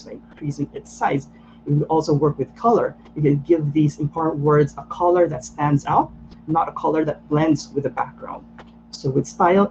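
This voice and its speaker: A man's voice: a little high, darkish tone, lo-fi sound, a little hiss or hum. A man teaching an online lettering workshop, explaining patiently with frequent "so" and "um" fillers. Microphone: video call.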